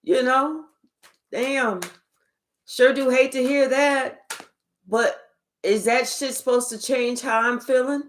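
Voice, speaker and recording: A woman's voice: high voice, fairly even intonation, takes it slowly, pauses often. A woman giving a tarot reading, talking in a blunt, profane and emphatic way, full of rhetorical questions. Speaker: tarot reader. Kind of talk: spiritual reading monologue.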